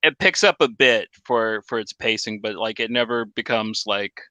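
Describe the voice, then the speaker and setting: A man's voice: on the low side, moderate pace, sharp tone, no room sound. A man co-hosting a podcast, chatting about horror comics in a laid-back way with hesitant restarts. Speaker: podcast co-host. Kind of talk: casual chat reviewing comics.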